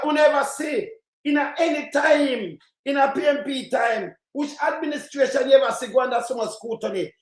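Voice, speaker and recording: Angry Jamaican man ranting in a roomy echo. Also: very high-pitched. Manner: angry, rambling, swears, mixes in patois. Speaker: channel host. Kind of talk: heated political rant. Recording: roomy echoey sound.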